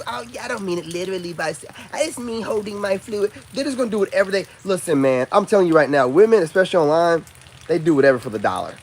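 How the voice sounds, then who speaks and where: Loose-talking mocking man with bright pitch. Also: a little hiss or hum. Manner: loose, mocking, lots of filler phrases. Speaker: online commentator. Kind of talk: casual rant to camera.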